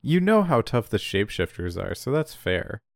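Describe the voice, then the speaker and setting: A man's voice: fairly low pitch, sing-song, moderate pace, gravelly, no echo, clean studio sound. Laughing, foul-mouthed young man. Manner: profane, laughing, acts out lines. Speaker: player. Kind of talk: casual tabletop game recap.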